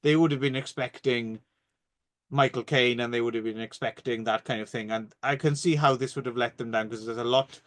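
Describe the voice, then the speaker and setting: A man's voice: medium pitch, steady tone, fairly quick, fairly bright tone. A British man co-hosting a podcast, reviewing a film in casual, wry chat and swearing freely. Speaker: podcast co-host.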